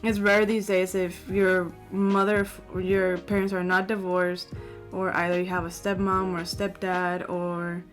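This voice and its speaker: A woman's voice: fairly low pitch, level tone, a little slow, faint music behind. A young woman co-hosting a podcast, telling a long story in casual chat with many fillers. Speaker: podcast co-host.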